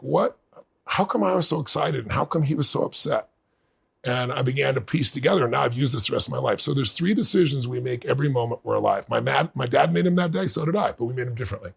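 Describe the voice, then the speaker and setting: A middle-aged man being interviewed, telling a personal story in earnest and building to bursts of excitement. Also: mid-range voice. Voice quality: gravelly, husky. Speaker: guest.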